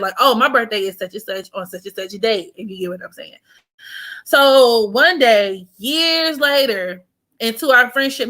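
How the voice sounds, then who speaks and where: Bright-voiced woman telling a story. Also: a little high. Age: 20s. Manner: animated, profane, slangy storytelling. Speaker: vlogger. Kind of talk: casual storytime chat.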